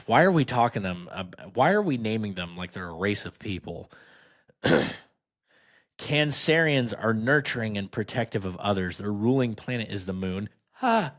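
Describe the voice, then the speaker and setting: This male podcast host has a lowish, slightly bright voice. His talk is casual and sarcastic as he reads items out and jokes about them with mocking remarks.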